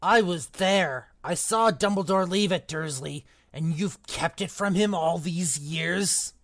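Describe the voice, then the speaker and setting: A book-club reader voicing a big, rough-spoken half-giant gamekeeper, reading the lines aloud in a fairly plain voice. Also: mid-range voice, slow pace, fairly bright tone, no room sound, clean studio sound. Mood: gruff. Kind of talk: amateur read-aloud of a novel.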